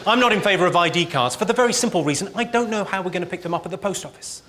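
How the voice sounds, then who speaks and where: A man performing a stand-up comedy set in deadpan one-liners, with clipped delivery. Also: high-pitched, very fast. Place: large venue with live audience. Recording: live show with loud crowd laughter and noise.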